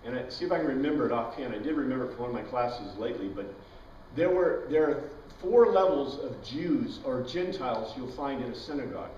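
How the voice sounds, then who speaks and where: A man's voice: medium pitch, expressive, fairly quick, a little mellow, slight background noise. A man teaching an informal Bible class, chatty, quizzing his students and wandering into tangents. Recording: dull, echoey room recording from far off.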